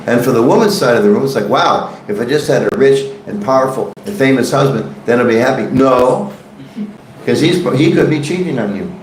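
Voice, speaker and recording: A man's voice: medium pitch, lively intonation, a little fast, a little hiss or hum. A man teaching a devotional scripture class in a temple hall, conversational and joking, questioning his audience. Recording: echoey room.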